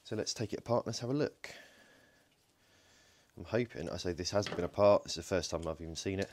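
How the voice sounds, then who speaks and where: A deep-voiced DIY electronics host takes apart a battery pack in his home workshop, joking and thinking aloud in a casual, hands-on narration. He talks fast in a slightly mellow tone, with plenty of ums and self-corrections, and there's a little hiss or hum on the recording.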